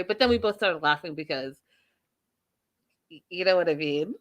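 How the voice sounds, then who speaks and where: A woman's voice: fairly low pitch, expressive, moderate pace. A woman hosting a reality-show recap in a casual, opinionated way, telling stories and acting out what people said. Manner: chatty storyteller, acts out quotes, opinionated asides. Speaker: host reviewing a reality show.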